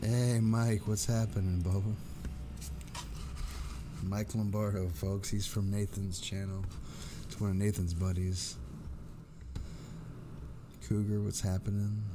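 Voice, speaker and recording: A hoarse man, hosting a casual live stream and greeting chatters by name in a laid-back way. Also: on the low side, level tone, a little slow, long pauses, background noise. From Texas. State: hoarse, voice going out.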